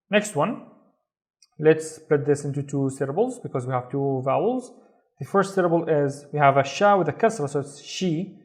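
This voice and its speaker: A man teaching a beginners' reading lesson, patient, slowly repeating each syllable. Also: fairly high pitch, darkish tone. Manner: patient, slow repetition of syllables. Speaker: Arabic teacher.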